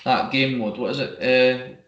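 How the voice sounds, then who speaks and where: Man, casual podcast chat, storytelling, middle pitch, echoey room. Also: fairly even intonation, takes it slowly, fairly bright tone, dull audio. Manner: storytelling with bursts of put-on voices.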